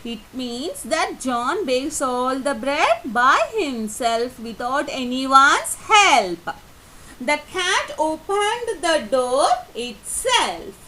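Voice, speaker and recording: A woman's voice: sits high, big pitch swings, drawn-out words, pushed and bright, slight background noise, rough recording. A woman teaching an English grammar lesson, reading example sentences aloud and explaining each one, with small grammar slips. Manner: reads example sentences then explains them, non-native grammar slips.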